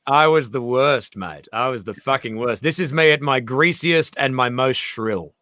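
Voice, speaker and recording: Australian comic host, bright forceful tone, bouncy swearing delivery, dry close mic. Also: male voice, mid-range voice, moderate pace, dry recording. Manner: animated, swearing, jumps into quoted voices. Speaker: comedian host. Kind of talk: casual comedic chat.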